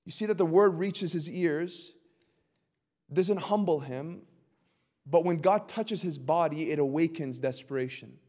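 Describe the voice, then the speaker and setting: A male pastor teaching a Bible study sermon, impassioned and building to loud, emphatic cries. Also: a little high, unhurried. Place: church sanctuary. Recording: long hall reverb.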